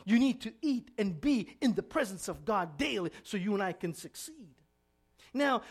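A preacher delivering a sermon, swinging between shouted emphasis and quiet, low asides, and stretching out key phrases.

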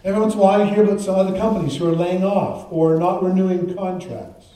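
A man's voice: high-pitched, fairly even intonation, fast talker, dark tone. A male pastor praying and then preaching a sermon in a conversational way, with frequent restarts and asides. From Canada. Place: church sanctuary. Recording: very echoey church from a distance.

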